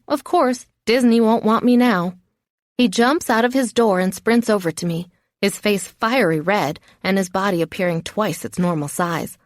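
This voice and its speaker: Brief: woman audiobook narrator, first-person, expressive, dry close studio sound, mid pitch. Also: dry recording. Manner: expressive, dramatic in the heroine's outbursts.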